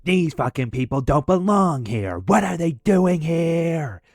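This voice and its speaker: A man voicing an unhinged male neighbor who screams in ragged yells. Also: fairly high pitch, big pitch swings, measured pace, gravelly, no echo, studio quality, pitched above the performer's own voice, full character voice. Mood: raging. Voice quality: shrieking, ragged yelling.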